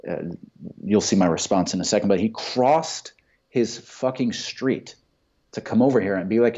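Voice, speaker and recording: A man's voice: on the low side, normal speed, dark tone. A man telling profane, heated stories in casual chat. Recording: dull lo-fi sound.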